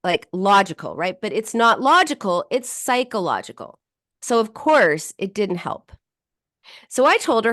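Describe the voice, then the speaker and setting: A woman's voice: mid-range voice, big pitch swings, a little slow, no echo, studio quality. A woman podcast host and psychotherapist explaining a client's case, often restarting her sentences with "you know.". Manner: explanatory, warm-paced storytelling with frequent "you know" and restarts. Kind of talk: radio podcast talk with client story.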